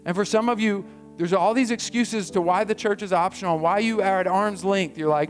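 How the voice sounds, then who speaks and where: High-voiced animated male preacher, soft music. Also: brisk. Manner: animated preaching, acting out quoted voices, laughing. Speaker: pastor. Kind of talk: sermon.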